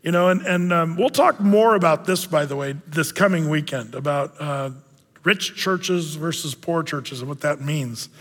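Casting: joking male pastor, fairly high voice, loose and chatty, live church hall reverb. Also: moderate pace, fairly bright tone. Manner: chatty, joking, many fillers and restarts. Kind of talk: casual verse-by-verse sermon. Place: church sanctuary.

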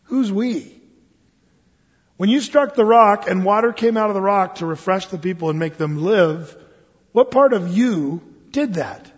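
A man preaching a sermon as pastor, telling stories in an animated way and acting out the voices of the people in them. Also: high-pitched, normal speed, breathy edge. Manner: animated storytelling, acts out voices. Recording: muffled sound with long hall reverb.

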